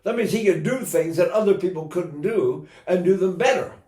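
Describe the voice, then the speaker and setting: A man's voice: high-pitched, moderate pace, warm tone, reverberant. An older man teaching singing in a casual, rambling way, breaking into sung vowels to demonstrate.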